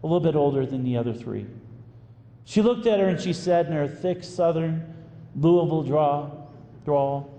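A priest telling a story in a sermon, animated and acting out the voices of the people in it. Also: male voice, on the high side, moderate pace. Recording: echoey hall with faint room ambience.

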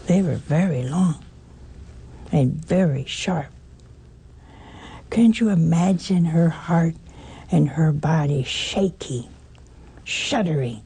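A woman's voice: low-pitched, creaky, mellow, slightly rough. An older woman preaching a sermon, emphatic, asking rhetorical questions and repeating her phrases.

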